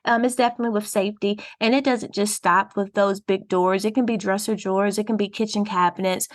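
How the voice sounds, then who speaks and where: A woman's voice: mid-range voice, fairly even intonation, fairly quick. A woman counselor with a Southern US accent, explaining things earnestly in a podcast interview. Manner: earnest, explanatory, warm laughs. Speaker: counselor guest.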